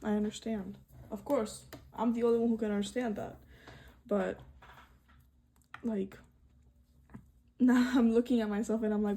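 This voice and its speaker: A young woman in her twenties, an art student, chatting casually in soft ASMR style while painting, rambling to herself with lots of fillers. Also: fairly high pitch, fairly even intonation, unhurried, pauses often, slight background noise. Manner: rambling soft-spoken self-talk with frequent fillers.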